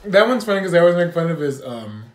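Crowd noise sits behind a young man whose slightly high voice moves fast. Co-hosting a casual podcast in an echoey room, he tells lively stories, laughs a lot and performs the quotes.

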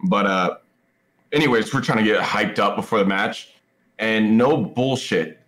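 A man's voice: on the low side, unhurried, fairly bright tone. A man, an esports pro, telling stories in a casual podcast chat, rambling and swearing with lots of fillers. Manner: rambling, profane storyteller, lots of "like". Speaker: esports pro player guest.

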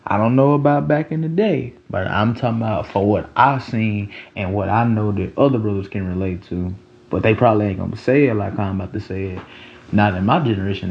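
A man's voice: fairly low pitch, creaky, lo-fi sound, a little hiss or hum. A man in his twenties talking in a loose, rambling monologue full of slang and "you know what I'm saying.". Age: 20s. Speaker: podcast host. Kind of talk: casual monologue.

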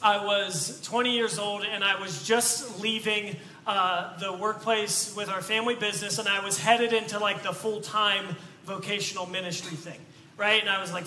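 In a church sanctuary, a pastor with a high, sharp voice preaches his sermon conversationally, telling stories and posing rhetorical questions. The room is echoey, with faint background noise.

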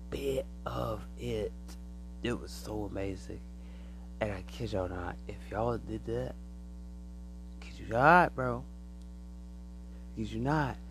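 Young man, AAVE speech, gravelly voice, slangy animated monologue, faint hum behind. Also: mid-range voice, poor audio. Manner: animated, slangy, repeats phrases for emphasis. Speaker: podcaster sharing spiritual experiences. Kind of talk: casual monologue.

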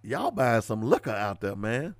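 A man's voice: sing-song, moderate pace, no echo. A man hosting a radio talk show, ranting and mocking his listeners in casual commentary. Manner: preachy, ranting, mocking, switches between loud rants and low asides.

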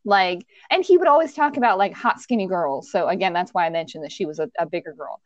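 A woman telling a workplace story in a casual chat, animated and laughing often as she talks. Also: lowish voice, fast, no room sound. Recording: dull, dry sound.

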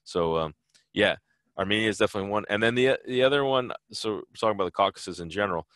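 A man's voice: lowish voice, quick pace, a bit bright, no room sound, clean studio sound. A man answering interview questions in a loose, rambling way, full of fillers and restarts. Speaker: interview guest, traveler. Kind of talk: casual conversational interview.

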